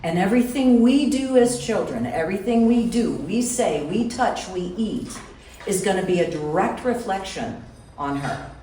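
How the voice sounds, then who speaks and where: Woman doing a live storytelling set, chatty and lively, kinda far off in a roomy hall with faint noise. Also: medium pitch, normal speed. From Wisconsin. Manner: lively, chatty, talks to the audience. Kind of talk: live personal storytelling on stage. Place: venue with a live audience.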